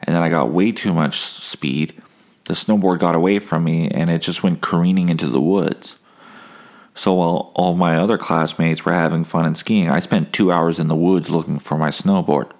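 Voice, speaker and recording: Low gravelly comedian guy rambling and swearing through a story about himself, kinda fried voice. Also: steady tone, moderate pace. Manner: profane, rambling, self-mocking. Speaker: comedian and podcast host. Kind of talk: casual storytelling monologue.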